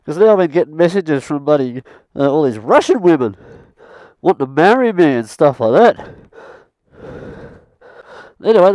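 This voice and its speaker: A man's voice: fairly high pitch, a little mellow, no echo. An Australian man vlogging outdoors in the bush, rambling and swearing mildly as he chats. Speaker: travel vlogger. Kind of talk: casual self-filmed chat.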